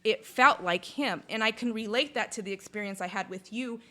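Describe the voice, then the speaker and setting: A woman in casual conversation, telling a personal story in a lively, chatty way, with lots of "like" and some swearing. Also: mid-range voice, brisk. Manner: chatty, full of "like", swears freely; lively retelling, acts out sounds and inner voices. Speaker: podcast guest.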